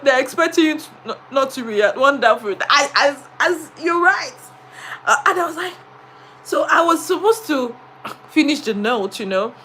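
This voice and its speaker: Brief: high, bright-voiced woman teacher, animated live stream storyteller who laughs as she talks. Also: normal speed, a little hiss or hum, rough recording. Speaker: English diction teacher and etiquette coach. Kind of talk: casual live stream chat.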